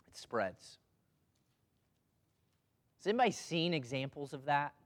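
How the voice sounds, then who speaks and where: A man's voice: fairly high pitch, very animated, a little slow. Conversational man preaching a sermon. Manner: conversational, asks the congregation questions.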